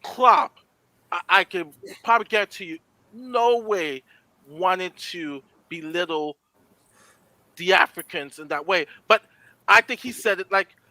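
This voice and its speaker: A man with a very bright, high voice speaks in dry, close sound. He chats casually, stumbling and repeating words as he works out what he means. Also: no echo, rough recording. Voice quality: halting, repeats himself. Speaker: guest on live chat. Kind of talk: casual chat.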